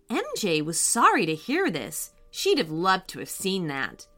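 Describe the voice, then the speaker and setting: A woman narrating a children's story in a gentle, expressive read-aloud way. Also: fairly low pitch, measured pace, hardly any pauses, soft background music.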